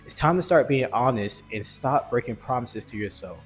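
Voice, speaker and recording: A man giving a blunt, earnest motivational talk about self-discipline and weight loss, with frequent restarts, over soft music. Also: mid-range voice, lively intonation, moderate pace. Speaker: fitness vlogger. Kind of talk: motivational monologue.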